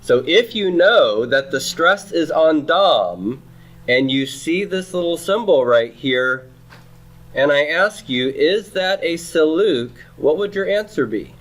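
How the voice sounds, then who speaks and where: A man's voice: a little high, big pitch swings, slow pace, fairly bright tone. Patient man lecturing on Hebrew grammar. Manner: patient, checks in with "okay?" and "right?". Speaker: Hebrew teacher. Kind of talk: classroom lecture.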